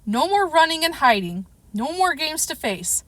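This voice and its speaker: A woman's voice: high voice, sing-song, fairly quick, pushed and bright, no room sound, pitched above the performer's own voice, exaggerated voice. A woman voicing a faceless sinister monster that chants the terms of a deal in a storybook reading. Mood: gleeful. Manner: chanting, gleeful.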